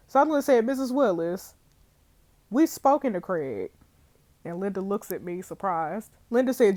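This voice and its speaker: A young woman reading a detective game's dialogue aloud, voicing all the characters in her own voice and adding quick asides. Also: mid-range voice, animated, warm tone. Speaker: streamer playing a detective game.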